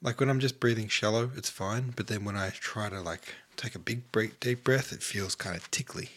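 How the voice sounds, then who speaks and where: A man's voice: lowish voice, moderate pace, fairly bright tone. A man hosting a casual solo podcast, short of breath, rambling and offhand, sometimes sinking to a near-whisper. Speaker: podcast host.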